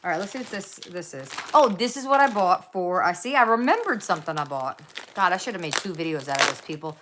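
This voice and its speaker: A woman's voice: on the low side, lively intonation, fast, very noisy. A middle-aged woman in her home craft room, rambling casually through a craft haul vlog with lots of fillers and side stories. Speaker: craft vlogger.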